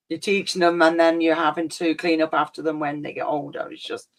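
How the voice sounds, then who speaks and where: Resigned man with a higher voice. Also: little pitch movement, normal speed, fairly bright tone. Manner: matter-of-fact, resigned remarks. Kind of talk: casual chat.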